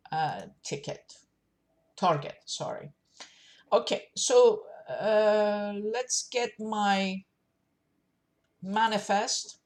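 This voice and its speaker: A woman streaming her forex trades, thinking aloud as she clicks through charts, with many pauses and fillers. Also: medium pitch. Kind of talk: live screen-share trading commentary.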